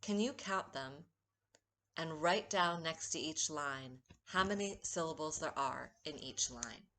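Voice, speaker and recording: Woman poet, low voice, unhurried, steady teaching read of a recorded poetry lesson. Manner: slow, measured, stresses rhythm when reading verse.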